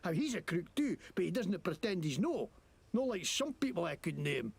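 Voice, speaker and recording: Scottish video game tough, strong Scottish accent, gravelly rasp, swaggering, cursing. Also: male voice, high-pitched, big pitch swings, moderate pace, slight background noise, exaggerated voice. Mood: scornful. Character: foul-mouthed boastful Scottish man, scornful of lawmen. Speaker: game character.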